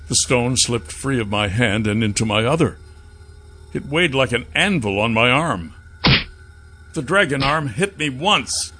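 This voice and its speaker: A man narrating a first-person fantasy audiobook with a dramatic, expressive reading. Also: medium pitch, slightly rough.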